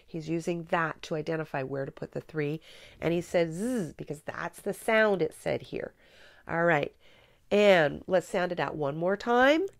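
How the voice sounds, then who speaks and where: A middle-aged woman with a slightly low voice walks through a spelling method, explaining each step clearly. She coaches patiently, as a teacher trainer would. The sound is dry and close, with no room around her. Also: a little slow, dry recording. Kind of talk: instructional demonstration.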